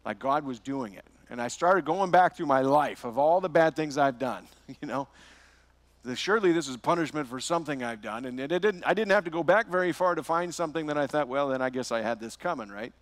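A man's voice: a little high, fairly quick, dry recording. A man preaching a verse-by-verse sermon as pastor, telling a personal story with rhetorical questions.

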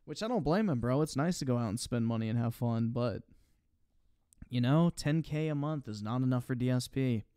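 Man, livestream commentary, sarcastic, mocking, profane, smooth voice, dry close sound. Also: mid-range voice, animated, moderate pace, mellow, dry recording. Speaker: streamer reacting to clips.

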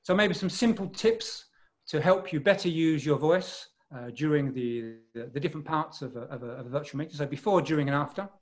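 A man with an English accent giving a seminar talk over a video call, explaining clearly and precisely and asking rhetorical questions. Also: on the high side, a little fast. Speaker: web seminar presenter.

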